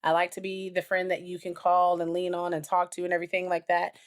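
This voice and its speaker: A woman co-hosting a married couple's podcast, telling stories in a rambling, animated way with many fillers. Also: lowish voice, quick pace. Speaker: podcast co-host. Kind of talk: casual chat.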